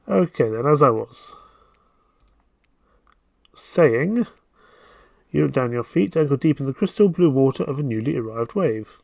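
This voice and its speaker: A man's voice: medium pitch, animated, measured pace, creaky, long pauses, darkish tone, no room sound. A man playing a dating game on stream, reading its narration aloud and dropping playful, jokey asides.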